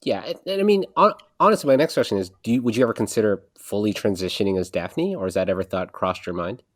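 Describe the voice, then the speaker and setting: A man's voice: fairly low pitch, lively intonation, quick pace, no room sound. Man, podcast host, frank casual questions, laughs easily, dry close sound. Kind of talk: casual interview.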